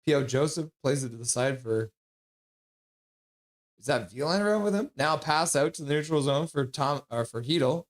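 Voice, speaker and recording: Here a streamer provides fan play-by-play for a live hockey game. He's excitable and blunt, his voice a bit higher than most men's, and he shifts smoothly from narrating plays to bantering with his chat.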